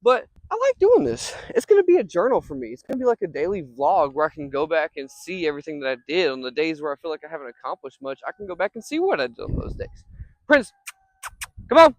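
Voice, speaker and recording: A young man with a fairly high voice rambles casually in a vlog monologue out in a field, stopping now and then to call his dog. He's a vlogger who owns a software company, and the audio is poor with no room sound.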